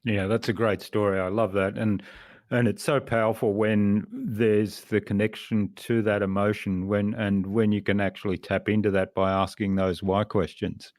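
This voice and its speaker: A man hosting a podcast interview, speaking in a measured, reflective way. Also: fairly low pitch, flat delivery, darkish tone, no room sound, clean studio sound. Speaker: podcast host.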